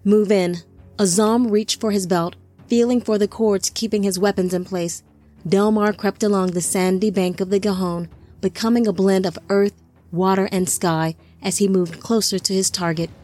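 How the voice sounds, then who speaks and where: A woman narrating an audiobook in slow, deliberate scripted narration. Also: mid-range voice, steady tone, a little mellow, soft background music.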